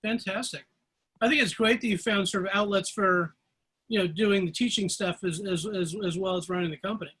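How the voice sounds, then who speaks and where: Brief: encouraging interviewer, high husky man, distant call audio. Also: a little fast, sharp tone. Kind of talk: interview questions.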